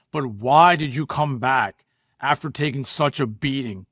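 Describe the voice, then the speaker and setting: A man's voice: medium pitch, fairly bright tone, no echo, clean studio sound. A man hosting a podcast, giving an emphatic, conversational motivational monologue full of repetition and "right?". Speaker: podcast host.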